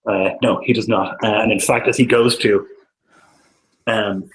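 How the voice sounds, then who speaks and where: A man with a fairly low voice runs a tabletop game as dungeon master. He narrates loosely, pausing often with ums and likes as he describes the action. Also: fairly even intonation, background noise.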